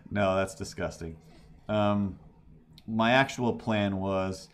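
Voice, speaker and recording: A man's voice: fairly low pitch, slow, slight background noise. A man livestreaming while he draws, telling a story in a rambling way with restarts and laughs. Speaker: livestreaming artist. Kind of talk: casual livestream chat while drawing.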